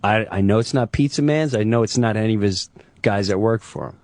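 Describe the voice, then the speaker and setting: A man's voice: lowish voice, a little fast, no room sound. A man telling a comic story as a radio guest, acting out the voices of everyone in it. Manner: animated, acts out voices. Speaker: comedian guest.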